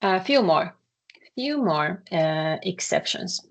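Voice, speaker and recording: Finnish lady teaching a language class, lots of uhs, slightly low gravelly voice. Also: animated. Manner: halting, many filler "uh"s, explains slowly and repeats words. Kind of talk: online language lesson.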